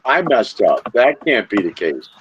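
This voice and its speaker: A man's voice: fairly low pitch, very animated, a little slow, lo-fi sound, noisy background. A man in a casual group chat over a call, joking dryly.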